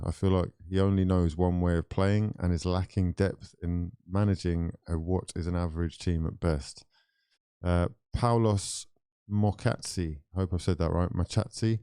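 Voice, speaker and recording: A man's voice: deep voice, warm tone, smooth, no room sound, clean studio sound. A man hosting a football call-in stream, teasing his callers and calling them frauds in casual banter. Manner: teasing, calls callers frauds, quick offhand remarks.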